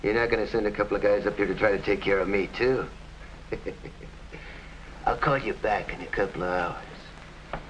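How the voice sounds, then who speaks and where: A man's voice: on the low side, steady tone, brisk, fairly bright tone, slight background noise, close to an everyday voice. A man playing a sneering gangster boss. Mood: mocking. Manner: sneering, gloating, hard-boiled. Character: scheming gangster boss Flat Top, grown man. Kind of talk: 1940s radio acting. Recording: dull old radio recording.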